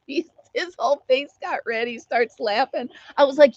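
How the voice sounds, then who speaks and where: Middle-aged American woman, live-stream host; chatty and giggly, slightly high voice, muffled dry audio. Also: moderate pace, darkish tone, no room sound. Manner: giggly, laughs often while telling a story. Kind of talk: casual chat reading viewer comments.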